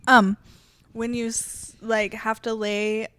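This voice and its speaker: A woman's voice: mid-range voice, measured pace, a little hiss or hum. A woman co-hosting a podcast in casual chat, making dry, blunt quips. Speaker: podcast co-host.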